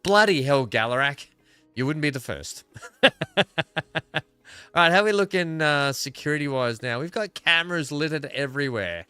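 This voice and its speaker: An Australian man talks his way through a building game, trailing off and thinking aloud as he goes. His voice is bright and crisp, recorded close and dry with faint music underneath. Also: fairly high pitch, lively intonation, moderate pace, long pauses, no echo. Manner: rambling, thinking aloud while playing. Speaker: gaming video creator. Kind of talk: casual gameplay commentary.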